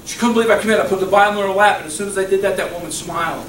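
A middle-aged male pastor preaching a sermon, swinging from loud exclamations to soft, low murmurs, recorded in a church. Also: very fast. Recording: echoey church hall, mic at a distance, faint hum.

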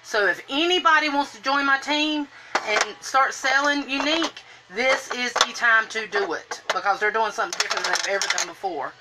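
Indoors in a room at home, a woman chats on a live stream while doing her makeup, greeting viewers by name in a sing-song lilt. Her voice is fairly high and a little fast, and the recording is very noisy.

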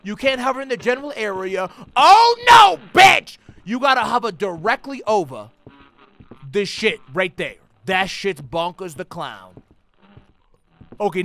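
A young man giving profane, slangy commentary on a horror game, yelling and cursing at jump scares. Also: sits high, lively intonation, fairly quick. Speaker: gaming YouTuber. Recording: faint background noise.

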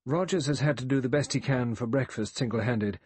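A man's voice: mid-range voice, a little fast, husky, dry recording, pitched above the performer's own voice, lightly acted. A male narrator voicing a composed doctor who speaks easily with small hesitations. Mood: easy. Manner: easy with hesitations.

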